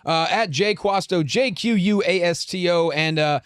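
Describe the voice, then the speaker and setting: A man's voice: sits high, normal speed, fairly bright tone, clear, resonant tone, no room sound, clean studio sound. A man co-hosting a podcast in easygoing casual chat, wrapping up the episode. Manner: short encouraging replies, easygoing. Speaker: podcast co-host. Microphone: studio mic.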